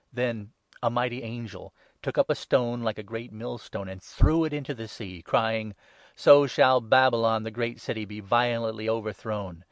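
A man giving a measured, solemn scripted Bible reading, lifting his voice for the quoted cries. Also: fairly low pitch, dry recording. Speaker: scripture reader.

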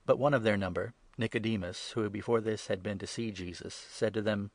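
A man giving a measured, even scripture reading. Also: on the low side, no echo. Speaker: reader.

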